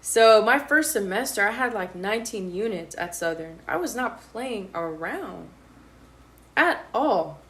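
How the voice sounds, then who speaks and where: A woman's voice: medium pitch, unhurried. A woman in her twenties being interviewed about her college years, telling her story in a casual, slangy way. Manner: lively storyteller, slangy, acts out quotes. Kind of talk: casual chat.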